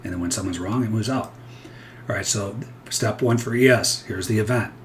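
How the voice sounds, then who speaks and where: A man's voice: fairly low pitch, normal speed, slight background noise. A man, a futures trader, talking through his trades live in a rambling, candid way that keeps interrupting itself. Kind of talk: live trading commentary.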